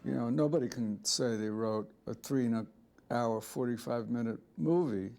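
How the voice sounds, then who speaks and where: A film director in an interview, telling rambling, blunt anecdotes with some profanity. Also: male voice, mid-range voice, normal speed, gravelly, warm tone. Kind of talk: interview storytelling.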